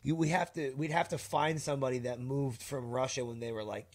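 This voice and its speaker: A young man talking loosely on a podcast, swearing freely and circling around his point. His sentences stall on fillers and restart midway. His voice sits at an ordinary middle pitch. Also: steady tone, brisk. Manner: rambling, profane, full of 'like' and restarts. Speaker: podcast host. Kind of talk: casual chat.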